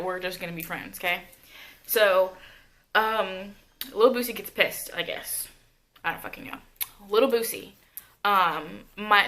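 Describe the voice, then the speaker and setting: Young woman vlogger, bright tone, casual profane storytime delivery. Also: mid-range voice. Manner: profane, animated retelling with asides.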